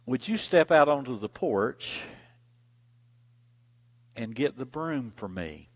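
A man voicing a gentle mother who coaxes her little girl, stammering and repeating himself as he soothes her. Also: mid-range voice, expressive, takes it slowly, long reverb tail. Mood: coaxing. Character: gentle coaxing mother, older woman.

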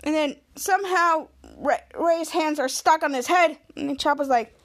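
Woman host with a very high voice; casual, breathless episode recap. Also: normal speed. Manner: rambling excited retelling, acting out characters' lines. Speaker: podcast host.

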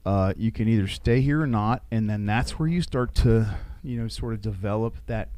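A man, a military veteran, telling stories in a casual interview, with halting restarts. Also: on the low side, mellow, dry recording.

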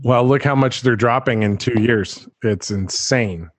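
A man hosting a casual podcast conversation, chatty and animated, laughing often as he relays news. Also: mid-range voice, unhurried, no echo. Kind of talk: casual chat.

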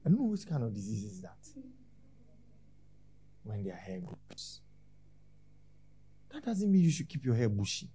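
A man preaching a sermon as pastor, scolding his congregation with rhetorical questions and sudden swings from quiet to loud. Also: mid-range voice, huge pitch swings, unhurried, pauses often, breathy edge.

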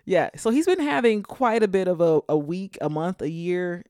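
A lively podcast co-host in casual political chat, joking around and breaking into laughter often. The voice sits at a middling pitch and sounds close and dry, with no room echo. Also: moderate pace. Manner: jokey and animated, laughs often.

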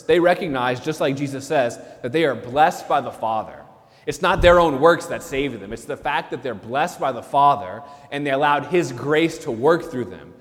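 A man's voice: on the high side, expressive, moderate pace, long reverb tail. A man, a priest, preaching a sermon in an earnest way and repeating key phrases for emphasis.

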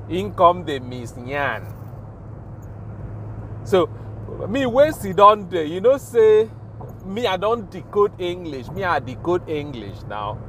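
Young naija guy, pidgin accent, slow laid-back storytelling, bit higher voice. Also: slight background noise. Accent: Nigerian Pidgin. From Nigeria. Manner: animated, laughing, slow drawn-out telling. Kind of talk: casual storytelling.

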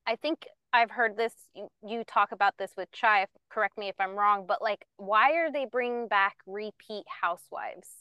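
A young woman co-hosting a casual gossip podcast, chatty and quick to laugh, often reminding listeners that the stories are alleged. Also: mid-range voice, clean tone, no room sound, lo-fi sound. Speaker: podcast co-host. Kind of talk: casual pop-culture gossip chat.

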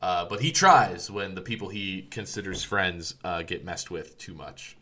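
A man's voice: sits low, a little slow, bright, forceful tone. A man co-hosting a podcast in casual chat, rambling with many fillers and restarts. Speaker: podcast co-host.

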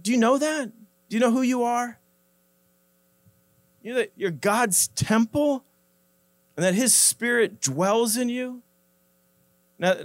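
A man preaching a sermon in a casual, conversational way, often repeating words and slowing down to stress scripture quotes. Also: mid-range voice, dry recording. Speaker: pastor.

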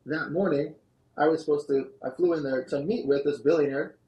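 An animated man recounting a business story as a podcast guest. His voice sits a little high but stays mellow and warm. He rattles through events in quick bursts. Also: rough recording. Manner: animated, fast-moving anecdotes. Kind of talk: storytelling interview answer. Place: podcast studio.

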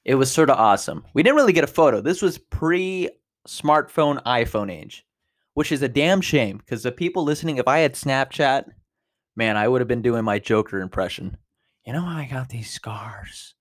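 A man in his twenties hosting a podcast, telling a personal story in a casual, animated way, with big jumps in pitch and loudness. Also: moderate pace. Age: 20s. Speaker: podcast host.

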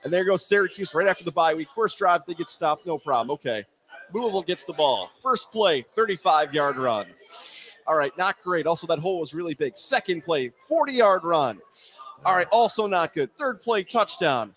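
A man's voice: a little high, normal speed. A man co-hosting a casual sports talk show, recapping a game play by play with feeling. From Central New York. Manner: animated, rattles off game plays.

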